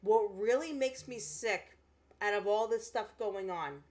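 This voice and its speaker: A woman's voice: medium pitch, measured pace, a little mellow. A woman livestreamer chatting with her viewers, speaking in an impassioned, earnest way. She is emotional and close to tears, and she repeats herself as she talks. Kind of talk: casual livestream chat with viewers.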